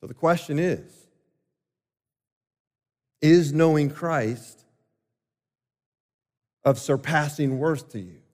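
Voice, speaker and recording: A male pastor delivering a sermon, emphatic and swinging between loud and quiet passages. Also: a little high, takes it slowly, pauses often. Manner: emphatic, rising and falling delivery. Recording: long hall reverb.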